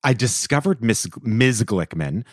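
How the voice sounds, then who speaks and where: A man's voice: lowish voice, lively intonation, a little slow, dry recording, studio quality. A man co-hosting a podcast in casual chat, playful and theatrical as he reads listener reviews aloud. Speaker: podcast co-host.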